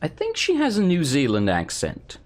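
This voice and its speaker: A man's voice: on the high side, wildly swooping pitch, moderate pace. A man with an English accent giving joking, rambling let's play commentary as a gaming video host. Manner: rambling, joking, self-deprecating.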